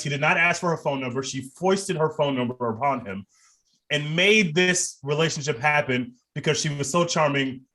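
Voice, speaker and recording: A man's voice: fairly high pitch, a bit bright. A man co-hosting a podcast, reviewing a movie in casual, profane and enthusiastic chat. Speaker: podcast co-host.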